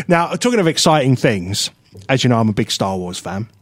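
A man's voice: medium pitch, normal speed, no room sound. Jokey man co-hosting a radio show. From England. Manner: animated, jokey, laughs often. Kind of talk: casual radio banter.

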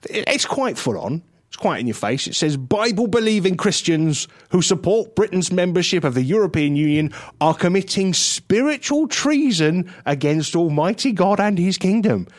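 A man in his forties co-hosting a radio comedy chat show, sarcastic and quick to laugh. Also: fairly high pitch, no room sound, clean studio sound. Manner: sarcastic, animated, laughs often. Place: radio studio.

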